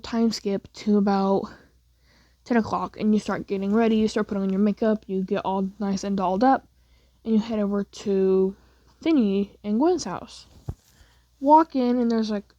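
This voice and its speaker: A woman's voice: mid-range voice, dark tone, no echo, dull audio. A young woman telling a second-person fan story in a casual, rambling way, filling her speech with "like". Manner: casual, rambling, heavy use of "like".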